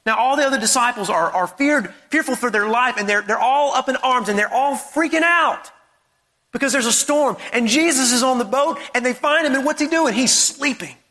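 A man's voice: extremely high pitch, moderate pace, pushed and bright, in a large hall. A man preaching a sermon, emphatic and repetitive, who fires off strings of rhetorical questions.

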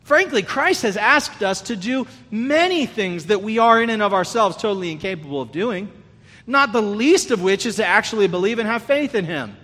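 High bright-voiced preacher in a reverberant hall. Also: male voice, expressive, moderate pace. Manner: earnest, conversational preaching with many restarts. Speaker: pastor. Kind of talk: sermon.

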